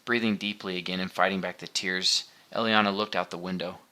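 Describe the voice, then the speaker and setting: In a low-pitched voice, a male narrator works through an audiobook script with a steady, deliberate reading.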